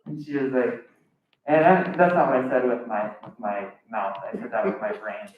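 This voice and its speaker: A man's voice: medium pitch, animated, moderate pace. A young man doing a stand-up set as a student comic, telling a long rambling story and acting out the people in it. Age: young adult. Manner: acts out quoted voices, rambling and self-correcting. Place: live comedy stage. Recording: echoey muffled room recording from far off, noisy.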